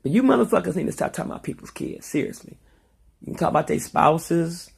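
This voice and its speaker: A middle-aged woman talks straight to her viewers, blunt and profane as she tells a heated story. Her voice is deeply gravelly with a husky, raspy edge. Her pitch swings widely from high to low. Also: lively intonation, fast talker, darkish tone. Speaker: vlogger. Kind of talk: casual monologue vlog.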